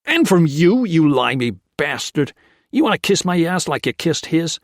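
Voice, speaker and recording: A man's voice: fairly high pitch, big pitch swings, normal speed, no room sound, pitched above the performer's own voice. A male narrator voicing a volatile prisoner of war who snarls and spits insults, in a dry recording. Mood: furious. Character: volatile American soldier prisoner, screaming.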